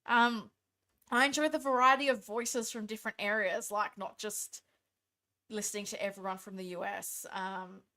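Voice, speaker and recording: A woman's voice: medium pitch, steady tone, moderate pace, pushed and bright. An Australian woman hosting a casual live stream late at night, tired, reading viewer comments aloud and answering them in a chatty, thankful way.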